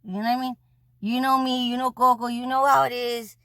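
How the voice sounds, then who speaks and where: In a dry recording, a woman with a fairly high, fairly bright voice speaks briskly with little pitch movement. Acting as a messenger for a departed man, she delivers his words in a casual, blunt monologue, cursing freely and often saying "you know."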